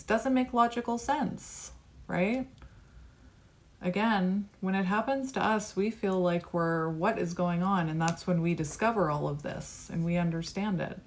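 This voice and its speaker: Lower-pitched woman reading tarot. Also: darkish tone. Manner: reflective, musing, card by card. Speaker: tarot reader.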